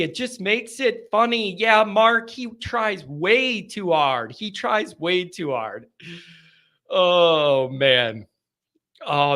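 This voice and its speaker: High, bright-voiced call-in host. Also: male voice. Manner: rambling, laughing asides and self-interruptions. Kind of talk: casual live call-in chat.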